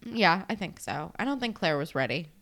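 A woman co-hosting a podcast, recapping a TV episode in casual chat. She tells the story lively, swears, and jumps in to agree. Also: on the low side, normal speed. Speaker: podcast co-host.

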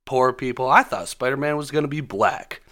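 A man's voice: mid-range voice, normal speed, a bit bright, voice pushed up, lightly acted. A man voicing a laid-back, joking male villain in a slightly raised voice.

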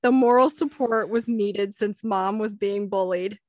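A woman's voice: medium pitch, measured pace, dry recording, studio quality. A young woman co-hosting a casual podcast, reading listener stories and acting out quotes with lots of laughter. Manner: giggly, animated storyteller acting out quotes. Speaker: podcast co-host.

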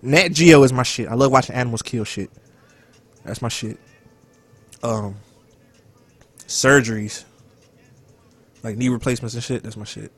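A man co-hosting a casual podcast chat, loud and animated, profane, sometimes dropping to a whisper. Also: medium pitch, normal speed, long pauses, dry recording, soft background music. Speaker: podcast co-host.

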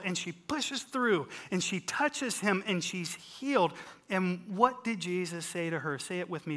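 Preacher giving a sunday sermon, slow deliberate delivery, bright forceful tone, jokes then drops quiet. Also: medium pitch, expressive. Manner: dramatic, acts out scripture scenes, swings loud and soft; humorous asides. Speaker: pastor.

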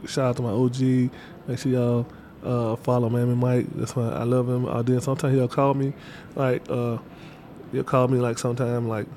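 A man's voice: mid-range voice, level tone, normal speed, mellow, slight background noise. A man talking casually as an interview guest, in loose slang with lots of fillers and repeats. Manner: loose, repetitive street slang with many fillers. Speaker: interview guest, artist manager.

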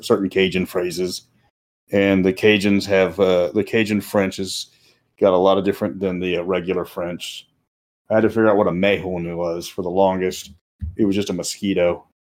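A man's voice: low-pitched, darkish tone. A man who runs tabletop games, chatting casually and telling rambling stories with many restarts. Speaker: game master. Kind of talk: casual podcast chat.

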